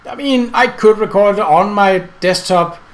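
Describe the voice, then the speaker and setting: A man casually commenting on his gameplay and reading the game's text aloud, chatty and quick to correct himself. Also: high voice. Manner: chatty, self-correcting, laughs at the game. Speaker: let's play host.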